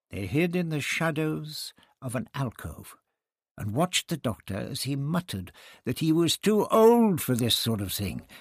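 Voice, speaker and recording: A man reading a novel aloud as an audiobook narrator, in a measured, expressive manner. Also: mid-range voice, breathy edge, dry recording, clean studio sound. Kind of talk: scripted narration.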